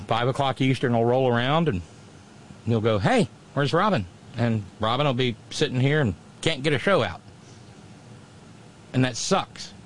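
A man's voice: mid-range voice, animated, normal speed, pauses often, slight background noise. A man hosting his own radio show, talking to listeners in a loose, rambling monologue full of restarts and fillers.

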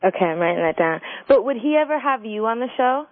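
A woman's voice: a little high, lively intonation, quick pace, no echo. A woman calling in to a radio show, chatting eagerly. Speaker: caller. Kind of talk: casual chat on call-in radio. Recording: tinny, dry phone line.

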